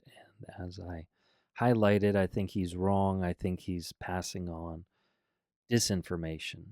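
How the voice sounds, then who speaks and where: A man with a very low, deep voice hosts a reaction commentary. He argues bluntly and emphatically, pushing back point by point. The sound is dry and close, with no room around it. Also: a little mellow, no echo. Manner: blunt, argumentative, emphatic rebuttals. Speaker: political commentator.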